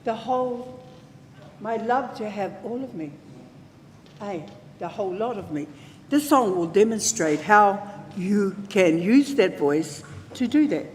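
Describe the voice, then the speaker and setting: A woman with a New Zealand accent gives a talk at a conference. She is playful and engaging, and she keeps drawing the audience in with asides. Her slow delivery echoes through a large hall over faint background ambience. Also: medium pitch, animated, darkish tone, a little hiss or hum. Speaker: conference speaker teaching traditional singing. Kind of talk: spoken talk with sung demonstrations.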